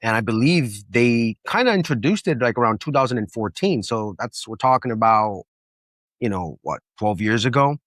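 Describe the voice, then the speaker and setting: A man hosting an interview podcast who asks casual, halting questions. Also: mid-range voice, animated, a bit bright, no echo, studio quality. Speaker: podcast host. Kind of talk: interview conversation.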